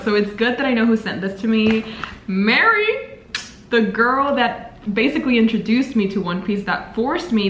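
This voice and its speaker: A woman's voice: medium pitch, a little hiss or hum. A woman in her twenties making an unboxing vlog, gushing and exclaiming dramatically over book gifts. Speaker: book vlogger. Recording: echoey room, faint ambience.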